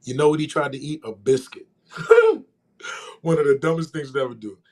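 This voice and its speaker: A man co-hosting a podcast, telling stories in a casual, animated way and laughing as he goes. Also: a little high, normal speed. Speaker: podcast co-host. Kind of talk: casual storytelling chat.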